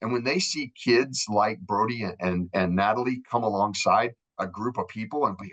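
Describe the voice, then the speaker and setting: A man's voice: fairly low pitch, moderate pace, hardly any pauses, a bit bright, breathy edge, no room sound, low-quality recording. Fervent man. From Minnesota, USA. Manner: fervent, repeats words, acts out voices. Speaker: charity marketing executive, guest. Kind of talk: faith-driven interview talk.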